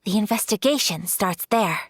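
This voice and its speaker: An actress playing a poised, formal noblewoman in a video game, speaking in a measured, courteous way. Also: medium pitch, expressive, background noise, natural voice. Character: poised noblewoman, eldest daughter of a clan.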